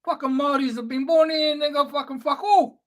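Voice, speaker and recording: High-pitched angry New ranter. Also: steady tone, a little fast. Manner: angry, profane, sneering. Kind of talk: spoken-word rant.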